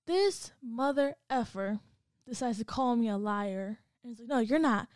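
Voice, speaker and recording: Casual woman co-host, higher voice, lively storyteller who plays out the dialogue, dry close sound. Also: measured pace, clean tone, dry recording. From Hispanic background. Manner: animated, acts out quoted dialogue. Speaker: podcast co-host.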